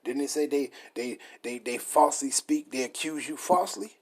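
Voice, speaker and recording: Husky-voiced emphatic male preacher. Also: medium pitch, moderate pace, a little mellow. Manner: emphatic, repetitive, reads definitions aloud. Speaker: street preacher. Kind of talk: scripture study sermon.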